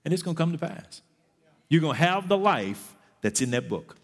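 Very animated and a little high-voiced, this pastor speaks at an ordinary pace, pushing the congregation to persevere and now and then parodying whiny excuses, with long reverb ringing through the church sanctuary.

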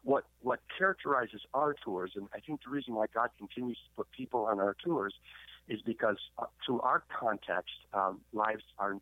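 A man's voice: lowish voice, normal speed, no echo. A man with a Canadian accent, a guest pastor and historian, telling stories in a sermon-like way with stammered repeats. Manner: stammering repeats, preachy emphasis. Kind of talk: radio interview, sermon-like storytelling. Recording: tinny phone line, dry.

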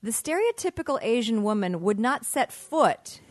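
A woman talking emphatically in an interview conversation, animated as she explains and tells stories. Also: on the high side, moderate pace, no room sound. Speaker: comedian guest.

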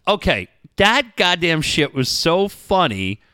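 A man's voice: a little high, sing-song, slow, pushed and bright, clear, resonant tone, no echo, studio quality. A middle-aged man co-hosting a show, telling profane stories with frequent laughter in casual chat. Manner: profane, storytelling, laughs often. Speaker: podcast co-host.

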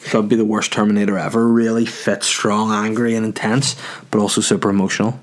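A man's voice: lowish voice, flat delivery, fast talker. A man in his thirties, a stand-up comedian, chatting casually while answering viewer questions, swearing freely and ranting with self-mocking humor. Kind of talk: casual chat.

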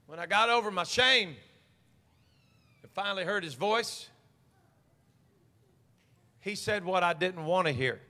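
A male pastor preaches in a very high, bright voice, moving between quiet pleading and shouted calls. His sermon rings through a church sanctuary with a long hall reverb. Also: lively intonation, measured pace, long pauses. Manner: swings from hushed pleading to shouted exhortation. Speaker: senior pastor.

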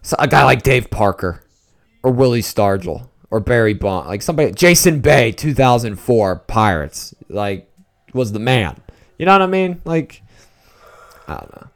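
A man podcasting alone, reacting casually to a live football game as he watches, rambling and excitable, dropping to nervous mutters and jumping to outbursts. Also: medium pitch. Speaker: solo podcaster. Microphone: talking into a microphone at home late at night.

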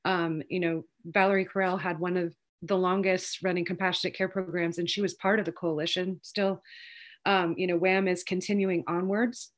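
Fast-talking woman full of fillers. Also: fairly low pitch, flat delivery. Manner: fast, rambling, many fillers. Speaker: lawyer and cannabis advocate. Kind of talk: casual interview storytelling.

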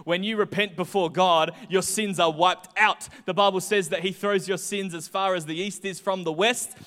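Young male pastor, high voice, lively storyteller, long hall reverb. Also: normal speed. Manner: chatty, animated storytelling with voiced asides. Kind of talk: sermon with personal stories.

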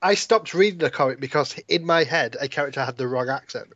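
A man's voice: medium pitch, expressive, fast, a bit bright, no echo, highs cut off. A man co-hosting a podcast, making dry grumbling remarks in casual chat. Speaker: podcast co-host.

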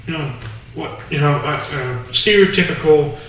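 A man's voice: a little high, fairly bright tone, a little hiss or hum. Chatty man in an echoey room. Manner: halting, many fillers and restarts. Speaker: podcast co-host. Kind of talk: casual chat. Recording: echoey room, mic far off.

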